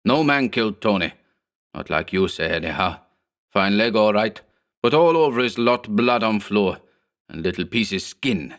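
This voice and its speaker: A man's voice: on the low side, lively intonation, normal speed, fairly bright tone. A man voicing a burly, superstitious immigrant thug who speaks broken English, in a horror audiobook. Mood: hushed fearful. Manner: broken English, whining and pleading. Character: burly hog-necked male immigrant thug, superstitious, fearful.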